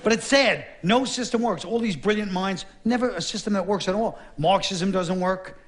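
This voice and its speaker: A man's voice: high voice, a faint crowd. A middle-aged man delivering a blunt, sardonic stand-up comedy monologue on a theater stage. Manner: sardonic, blunt, gruff delivery with quick asides. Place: theater stage with a live audience. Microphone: stage microphone.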